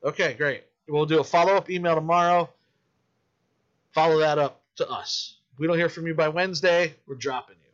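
Profane, animated man on a lo-fi podcast. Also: fairly high pitch, moderate pace. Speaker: independent filmmaker. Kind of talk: casual podcast chat.

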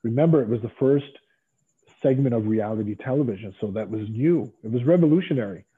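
A former pro wrestler as an interview guest, telling rambling stories in casual chat with lots of fillers and restarts, heard over a tinny phone-like line. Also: male voice, mid-range voice, fairly quick, breathy edge. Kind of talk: casual storytelling.

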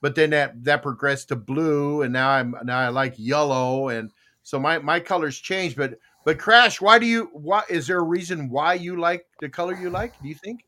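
A man hosting a casual podcast, chatty and quick to laugh, asking his co-hosts questions. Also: fairly high pitch. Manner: animated, asks questions, laughs often. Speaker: podcast host. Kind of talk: casual chat.

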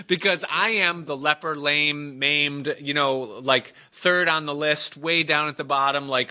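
Bright-voiced conversational male preacher. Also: a little high, a little slow, hardly any pauses. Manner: conversational, chuckles often, tells jokes and stories. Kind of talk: sermon.

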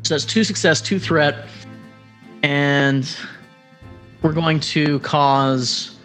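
A man's voice: fairly high pitch, steady tone, very slow, fairly bright tone, soft background music. A man playing a tabletop game, thinking aloud and hesitating as he describes his character's moves. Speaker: player. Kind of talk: casual tabletop play.

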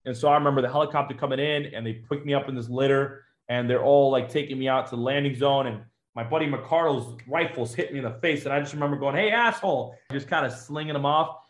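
A man speaks quickly in a mid-range voice, recounting his own experience as a former Marine during an interview. He talks in a conversational, matter-of-fact way, with fillers and small restarts as he goes. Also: mid-range voice, steady tone. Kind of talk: personal storytelling in an interview.

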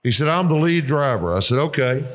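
A man's voice: fairly high pitch, lively intonation, brisk, slight background noise. An older man telling profane, laughing coaching stories in casual conversation. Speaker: retired football coach, guest. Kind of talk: casual storytelling.

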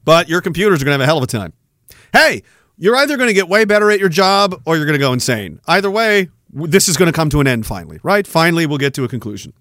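A weary man hosting a livestream, rambling and trolling as he reads out chat comments. His voice sits fairly high for a man. The sound is dry and close, with no room echo. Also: sing-song, fast, a bit bright. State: tired. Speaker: podcast host. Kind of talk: casual livestream chat, reading viewer comments.

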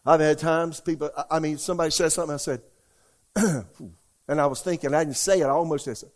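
A man's voice: fairly high pitch, brisk. Older guy preaching to his church, punchy, keeps asking the room questions. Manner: folksy, emphatic preaching with questions to the congregation. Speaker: pastor. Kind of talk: sermon.

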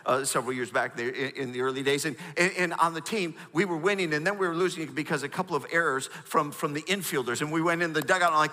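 A middle-aged man preaching a sermon, animated and storytelling, prompting the congregation. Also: a little high, quick pace, hardly any pauses, long reverb tail. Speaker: pastor.

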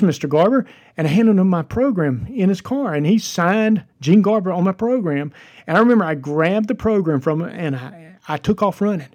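A man's voice: high-pitched, a little mellow. A man, hosting a devotional podcast and telling a story in an earnest, encouraging way. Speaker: podcast host.

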